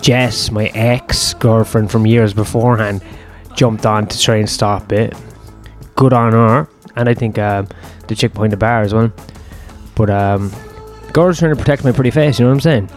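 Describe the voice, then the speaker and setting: A man's voice: on the low side, fairly even intonation, moderate pace, faint music behind. A man, telling a long personal story in a rambling, profane, self-deprecating way. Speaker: host.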